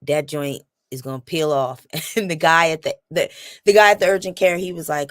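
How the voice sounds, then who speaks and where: A woman chats casually to camera. She tells her story with lively repetition and acts out what people said. The sound is dry and close, with no room echo. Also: deep voice, normal speed. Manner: animated storytelling, acts out quotes and repeats phrases. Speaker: vlogger.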